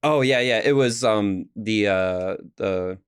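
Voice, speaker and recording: A young man hosting a podcast in casual chat, relaxed and rambling, often searching for words. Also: fairly low pitch, takes it slowly, clean tone, no room sound, studio quality. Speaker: podcast host.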